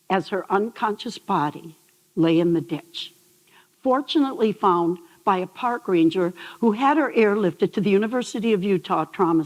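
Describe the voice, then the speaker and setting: An older woman, a behavioral psychologist, telling stories on stage and asking the audience questions in a lively talk. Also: medium pitch, in a large hall, poor audio. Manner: animated storyteller, asks the audience questions. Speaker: speaker. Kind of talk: TEDx talk. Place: large hall on stage.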